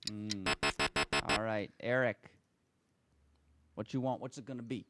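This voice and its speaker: A man hosting a casual car podcast, running quick quiz rounds and joking with his panel. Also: on the low side, fairly even intonation, loud music behind the voice.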